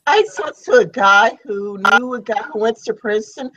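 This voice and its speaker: A woman's voice: a little high, normal speed, fairly bright tone, no room sound. A woman chatting on a live stream, rambling, giggly and repeating words. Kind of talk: casual live-stream chat. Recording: dull lo-fi sound.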